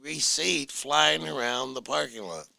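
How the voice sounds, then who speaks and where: Gravelly, bright-voiced middle-aged man. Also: medium pitch, measured pace. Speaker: jewelry store owner, guest. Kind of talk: casual chat.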